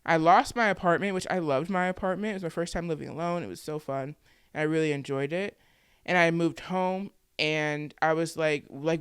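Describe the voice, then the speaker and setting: A woman's voice: deep voice, steady tone, normal speed, clear, resonant tone, dry recording, clean studio sound. A woman in her twenties telling her own story to the camera in a candid, conversational way, with plenty of "like" fillers. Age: 20s. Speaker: vlogger and podcaster.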